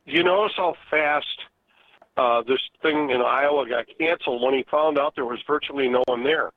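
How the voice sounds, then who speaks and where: A man's voice: mid-range voice, moderate pace, dry recording. Blunt male caller on a tinny phone line. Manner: blunt, ranting. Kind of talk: phone-in call. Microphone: telephone.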